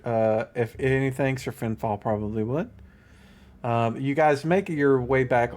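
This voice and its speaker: A man's voice: medium pitch, darkish tone. A man narrating as game master of a tabletop game, rambling loosely with many "you know"s and restarts. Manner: rambling, lots of fillers and restarts.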